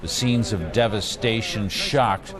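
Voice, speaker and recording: A man anchoring a television newscast, reading in a brisk manner with some stumbles. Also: lowish voice, a crowd in the background. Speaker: news anchor. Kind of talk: scripted news reading.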